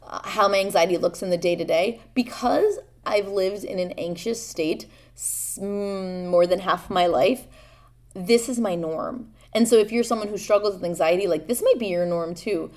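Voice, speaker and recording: A young woman with a mid-range, slightly mellow voice hosts a podcast, speaking candidly about her own struggles. Her personal, confessional talk is halting, earnest and vulnerable, full of fillers and restarts.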